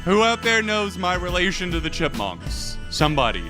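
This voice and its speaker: A man's voice: high voice, very animated, moderate pace. A man streaming live, reacting to songs with casual, swearing, disbelieving commentary and frequent laughter. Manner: incredulous, swearing, laughing often. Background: faint music playing.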